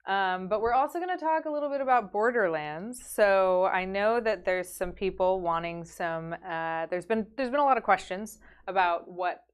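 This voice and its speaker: A woman's voice: medium pitch, moderate pace, few pauses, smooth. A woman hosting a casual studio live stream, chatty and giggly as she introduces her co-host.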